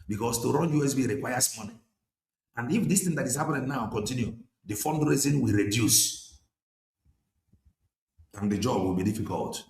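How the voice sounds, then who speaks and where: A man's voice: mid-range voice, lively intonation, normal speed, long pauses. A man with a Nigerian Igbo accent preaching an impassioned political sermon, switching between English and Igbo. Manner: forceful, exhorting, mixing English and Igbo. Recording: echoey room with faint noise.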